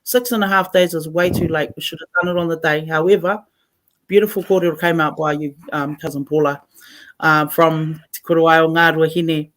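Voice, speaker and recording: A New Zealand woman from Taranaki hosts live community radio, gushing and heartfelt as she switches between Māori and English. Her voice is low with fairly even intonation, and she talks fairly quickly.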